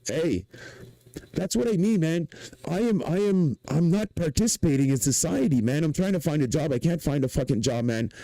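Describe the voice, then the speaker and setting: Man, Québécois French accent, livestream rant, profane and repetitive, dark tone, dry close sound. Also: a little high, normal speed, creaky, no room sound, rough recording. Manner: rambling, excitable, profane, repeats himself. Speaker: livestreamer and inventor.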